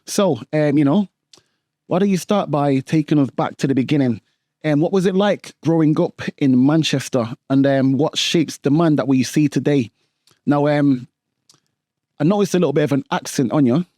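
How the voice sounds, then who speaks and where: Mellow-voiced male podcast host. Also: on the high side, moderate pace, no echo, clean studio sound. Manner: friendly questioning with fillers. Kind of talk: casual podcast interview.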